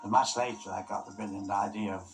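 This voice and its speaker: A man's voice: lowish voice, fairly even intonation, fast, low-quality recording. An older man, a filmmaker, recalling a film production in an interview in a reflective way. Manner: gravelly, reflective recollection. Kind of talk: interview recollection. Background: music.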